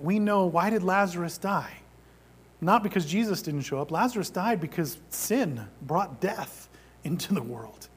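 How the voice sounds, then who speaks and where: A male pastor preaching a sermon, shifting between animated emphasis and quiet, almost whispered passages. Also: fairly high pitch, slightly rough. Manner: dynamic preaching, drops to near-whisper for emphasis.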